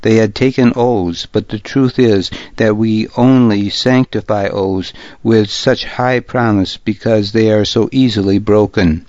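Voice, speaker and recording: A man reading a first-person audiobook in a measured, grave manner, close to the mic in a dull, lo-fi recording. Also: on the low side, steady tone, a little mellow, no echo. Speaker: audiobook narrator. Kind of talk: first-person scripted narration.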